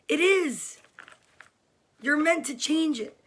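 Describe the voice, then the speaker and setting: Woman host, high clear voice, unhurried, chatty and upbeat, home webcam feel. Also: lively intonation, pushed and bright. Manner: upbeat and chatty, greets viewers by name. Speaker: host of a daily kids' livestream. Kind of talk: casual livestream chat to viewers. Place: home room during quarantine.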